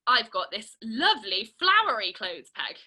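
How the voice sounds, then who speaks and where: A woman's voice: a little high, sing-song, poor audio. A young woman leading an online family theatre and craft session, playful and encouraging as she guides children step by step. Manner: bright, playful and encouraging, speaking slowly to children. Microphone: video call.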